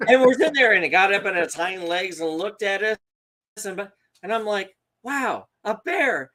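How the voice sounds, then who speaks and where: A man co-hosting a podcast, telling a story in a casual, animated way and acting out the quotes. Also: high-pitched, normal speed. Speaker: podcast co-host.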